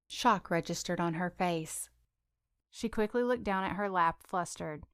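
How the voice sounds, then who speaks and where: A woman narrating a romance audiobook in an even, measured reading. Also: on the low side, smooth, no room sound, clean studio sound.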